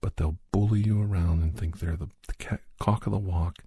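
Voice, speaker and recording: A man's voice: sits low, fairly even intonation, moderate pace, mellow, slightly rough, dry recording, clean studio sound. A man in a whispered role-play, coaching a listener in self-defense with blunt, folksy, streetwise talk. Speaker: ASMR role-play host playing a self-defense mentor.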